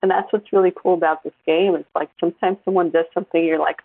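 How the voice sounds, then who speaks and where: A woman in her forties, a podcast co-host, chatting casually and telling animated stories. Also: fairly low pitch, fast talker, gravelly, slightly rough, no room sound. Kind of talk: casual chat. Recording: tinny phone-like line.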